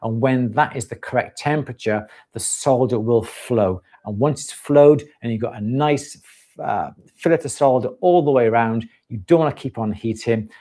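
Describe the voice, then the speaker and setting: A man hosting a live stream, answering viewers' questions with relaxed, practical explanations and frequent fillers. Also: on the low side. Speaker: jewellery-making host answering questions.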